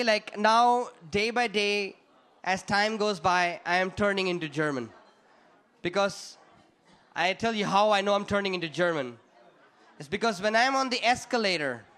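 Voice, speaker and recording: A young man from India, doing a lively stand-up comedy set and acting out the people in his stories. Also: high voice, clean tone. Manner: animated storyteller who acts out the people in his stories.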